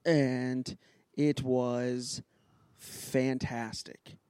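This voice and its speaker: An upbeat man with a mid-pitched voice talks about music on a church podcast. He is scattered and jumps from topic to topic, recorded close and dry in a booth. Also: flat delivery, extremely slow, darkish tone, clear, resonant tone, dry recording. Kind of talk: casual chat. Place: sound booth inside a church sanctuary.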